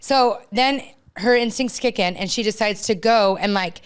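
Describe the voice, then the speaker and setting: Woman podcast co-host, clear resonant voice, heartfelt and chatty, sharing life stories. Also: mid-range voice, normal speed. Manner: earnest, heartfelt storyteller with many "like" fillers. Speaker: youth team coach. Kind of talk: casual storytelling chat.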